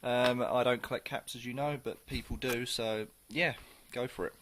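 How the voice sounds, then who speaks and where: A man's voice: mid-range voice, steady tone, normal speed, fairly bright tone, slight background noise. A man talking casually through a beer review, rambling a little and full of ums. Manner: chatty and rambling, with many ums.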